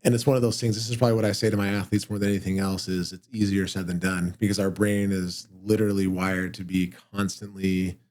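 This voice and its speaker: Deep, flat-voiced calm coach. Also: male voice. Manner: calm, measured explaining. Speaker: performance and mental health coach. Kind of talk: interview guest conversation. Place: podcast studio room.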